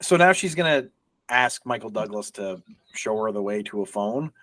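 A man's voice: fairly low pitch, animated, moderate pace, a bit bright, no echo. A man co-hosting a podcast, recapping movie scenes in an easygoing way with frequent chuckles. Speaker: podcast co-host. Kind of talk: casual movie review chat.

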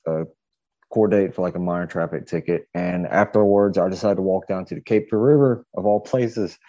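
A man with a very deep, dark voice tells a story casually, stumbling through fillers and restarts. The sound is dry and a little dull, like a lo-fi remote call. He loops back on himself as he tries to get it all out. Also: fairly quick, no echo. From southeastern United States. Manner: rambling, hesitant, many fillers and restarts. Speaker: podcast guest.

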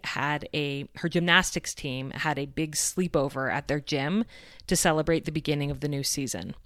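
Low-voiced woman podcast host. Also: a bit bright, no room sound, studio quality. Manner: earnest, reflective storytelling. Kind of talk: podcast monologue.

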